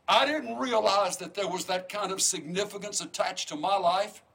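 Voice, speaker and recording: A man's voice: high voice, a bit bright, slight background noise, poor audio. A man preaching a sermon to his congregation, fervent and emphatic, with repeated phrases and frequent restarts.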